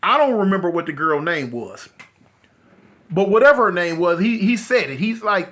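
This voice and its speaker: In a high voice at a moderate pace, a middle-aged man tells a story in a casual, animated way. He acts out the voices of the people in it, repeating and restarting as he goes.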